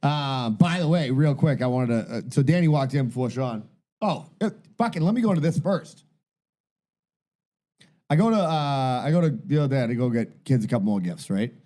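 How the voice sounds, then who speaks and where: Rambling, foul-mouthed podcast co-host, mellow voice. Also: male voice, medium pitch, expressive, moderate pace. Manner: rambling, swears constantly, self-mocking bravado. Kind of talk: casual crude banter.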